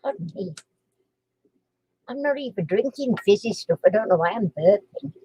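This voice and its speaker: A woman's voice: mid-range voice, expressive, normal speed, dark tone, low-quality recording. A chatty woman, hosting a casual live chat and quiz stream, giggling and cooing to her dog between guesses.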